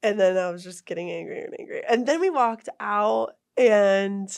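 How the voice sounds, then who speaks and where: A young woman tells a heated story in a relaxed interview, her pitch sitting in a middle range. She gets animated and slips into quoted voices of herself and others. The sound is close and dry, with little room around it. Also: moderate pace, creaky, dry recording. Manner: animated, retells arguments with lively quoted voices. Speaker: guest, long-distance hiker.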